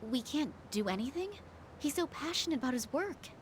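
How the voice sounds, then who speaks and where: Game medic: young, anxious and pleading, raised pitch, noisy track. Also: female voice, animated, a little fast.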